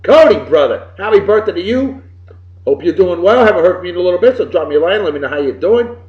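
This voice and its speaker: A man's voice: high voice, expressive, quick pace. Exuberant New man, roomy lo-fi sound. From Massachusetts. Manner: exuberant, swings between loud bursts and mumbled asides. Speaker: podcast host. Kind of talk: casual birthday shout-outs. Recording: roomy, muffled lo-fi home recording.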